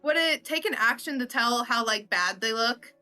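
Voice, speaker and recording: A woman's voice: fairly high pitch, expressive, normal speed, sharp tone, faint music behind. A woman playing a tabletop game, asking the game master questions and reading spell text, hesitant and full of fillers. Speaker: player.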